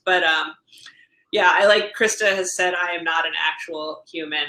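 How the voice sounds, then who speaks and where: A woman's voice: on the low side, moderate pace. A woman in her thirties co-hosting a podcast, chatting casually and laughing as she acts out what people said. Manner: chatty, laughing often, quotes people in animated voices. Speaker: podcast co-host. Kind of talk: casual chat. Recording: roomy echo.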